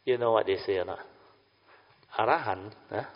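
A man's voice: lowish voice, moderate pace. Older man giving a dharma talk. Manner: chatty, keeps checking the audience with "huh?" and "understand or not?". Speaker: Buddhist meditation teacher. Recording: lo-fi recording in a reverberant hall.

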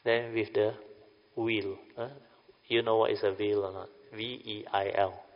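Older man, Buddhist teacher, dharma talk, low voice, dull lo-fi sound, long hall reverb. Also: little pitch movement, unhurried. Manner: chatty, keeps checking the audience with "huh?" and "understand or not?".

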